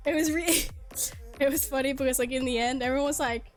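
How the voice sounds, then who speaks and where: A game streamer from Sweden chats casually over a headset, swearing and laughing often. Her voice is high and a little fast, with soft background music behind it.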